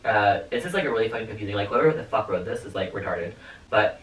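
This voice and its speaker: Caught on a hidden camera, a young man vlogs casually in his bedroom, rambling, swearing and using lots of fillers. His voice is on the low side, animated, quick and a bit bright, recorded far from the mic in an echoey room with faint hiss.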